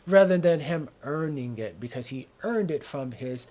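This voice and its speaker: A man's voice: a little high, animated, normal speed, dark tone. A man hosting a podcast in casual talk, earnest and stumbling over repeated words as he builds his points. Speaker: podcast host.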